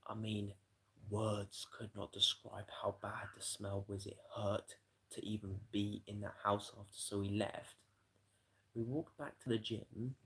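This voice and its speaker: A man's voice: mid-range voice, slightly rough. A man, livestreaming and telling a rambling, profane story to his chat in a casual way.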